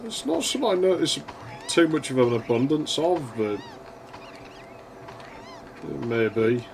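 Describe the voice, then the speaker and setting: A man's voice: medium pitch, sing-song, measured pace, noisy background. A young man chatting casually while playing an old console game, telling a school story, laughing often and swearing freely. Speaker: gaming channel host. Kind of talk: casual gameplay commentary.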